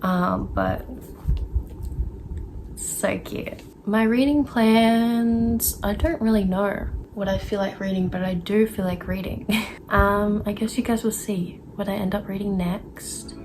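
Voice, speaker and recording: A woman's voice: medium pitch, fairly even intonation, a little slow, background noise. A woman vlogging about books in a casual, chatty and enthusiastic way, sometimes rambling. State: a bit out of breath. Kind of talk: casual chat.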